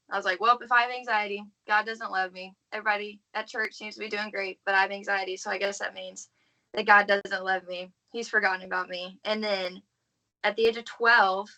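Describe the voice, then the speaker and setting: Guesting on a podcast, a young adult Southern woman gives a heartfelt personal testimony of faith, her casual speech full of "like." Her mid-range voice sounds pushed and bright, and the recording is rough.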